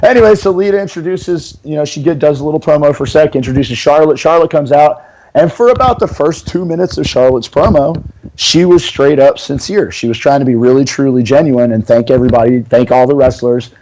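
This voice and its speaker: A man's voice: a little high, a little fast, darkish tone, muffled recording, a little hiss or hum. A man co-hosting a podcast in casual chat, rambling and swearing in loose fan banter. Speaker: podcast co-host.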